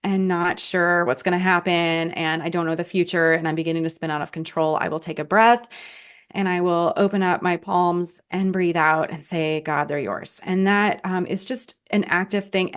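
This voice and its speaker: A middle-aged woman, an author guest on a podcast, talking casually with many fillers and frequent laughs. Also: on the low side. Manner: warm, laughing, thinks aloud with many fillers.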